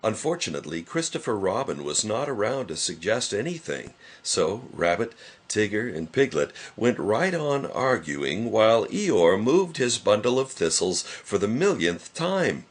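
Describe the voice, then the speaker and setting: A man reads a children's storybook aloud, his lowish voice slightly husky. He moves his pitch a lot to keep the story lively. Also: a little slow, few pauses. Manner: lively, expressive reading. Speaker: narrator. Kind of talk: storybook read-along narration.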